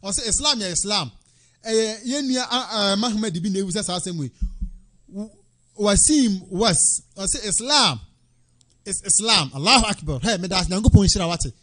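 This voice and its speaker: A man presenting an Islamic talk show, preaching with animation and sometimes shouting. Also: sits high, moderate pace.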